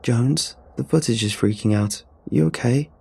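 A playful female mission controller who teases with a smile in her voice, put on by a man reading a story. The voice is pushed up well above his own and sits gravelly and husky underneath. Story narration with light voice acting. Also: mid-range voice, a little slow, a little mellow, pitched above the performer's own voice. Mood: concerned. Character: woman, mission controller, teasing and flirty.

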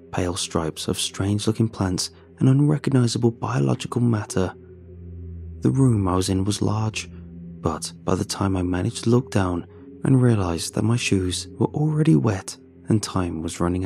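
A man telling a horror story in first person, in a measured and grim scripted narration. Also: fairly low pitch, vocal fry, dark tone. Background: faint music.

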